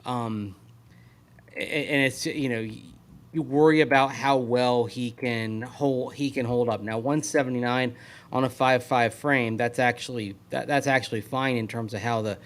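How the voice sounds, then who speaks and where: A man co-hosts a sports radio talk show and breaks down players in an analytical, doubting way. His voice sits at an ordinary, mid pitch. He talks like a seasoned football analyst. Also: fairly even intonation, normal speed. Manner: analytical, skeptical. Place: at a league meeting venue.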